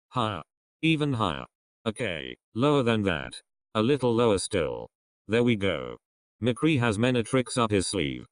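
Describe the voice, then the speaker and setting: Deadpan man, dry close sound. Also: on the low side, no room sound. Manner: deadpan mock-serious delivery. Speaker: video commentator. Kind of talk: comedic prediction monologue.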